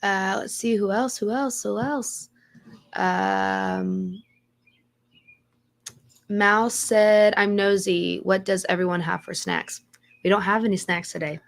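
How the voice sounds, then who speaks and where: A woman co-hosting a live podcast, her voice slightly hoarse as it recovers, casually reading out greetings from the chat. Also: medium pitch, fairly even intonation, takes it slowly, long pauses. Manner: reads chat names aloud with repeated greetings and laughs. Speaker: podcast co-host.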